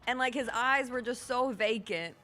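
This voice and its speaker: A woman's voice: on the high side, normal speed, pushed and bright. A woman hosting a talk show, chatting casually and telling stories, laughing easily. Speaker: host. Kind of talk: casual chat.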